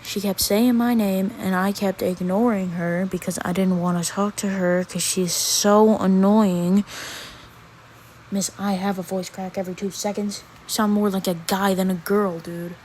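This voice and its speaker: Teen girl ranting slow about school drama, annoyed slangy talk, faint hiss behind. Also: medium pitch, fairly even intonation, darkish tone, rough recording. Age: teens. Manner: exasperated, slangy, drawn-out pauses. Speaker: vlogger. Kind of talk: casual storytime rant.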